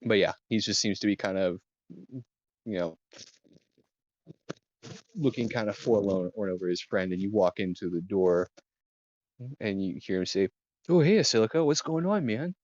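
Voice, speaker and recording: Low voiced guy game mastering, lots of ums and restarts, muffled dry mic. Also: steady tone, darkish tone, no room sound. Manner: halting, many ums and restarts. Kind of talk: narrating a tabletop game.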